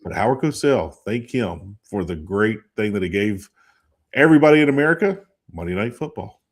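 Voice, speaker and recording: A man's voice: fairly low pitch, normal speed, a little mellow, slightly rough. A tired man in his fifties co-hosting a sports talk show, chatting in a rambling way and losing names mid-thought. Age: 50s. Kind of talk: casual chat.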